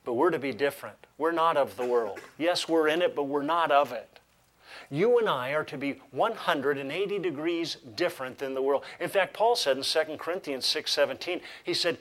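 Animated male preacher, humorous asides. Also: medium pitch, normal speed. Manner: reads scripture aloud with emphasis. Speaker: pastor. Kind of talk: sermon.

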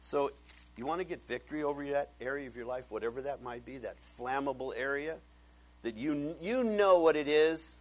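A man preaching a sermon, retelling a conversation and then building to loud, emphatic preaching. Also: medium pitch, normal speed, rough recording.

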